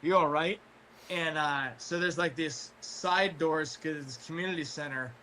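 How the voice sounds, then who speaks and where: A man telling a long story in casual chat, rambling with fillers and restarts, clearing his throat as his voice wears out. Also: a little high, normal speed, bright, forceful tone, slight background noise. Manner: rambling, full of fillers and restarts, swears freely. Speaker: guest storyteller.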